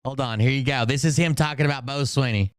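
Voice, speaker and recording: A man's voice: medium pitch, quick pace, dry recording. A man hosting a commentary show, dropping dry, sarcastic asides over clips. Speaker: host.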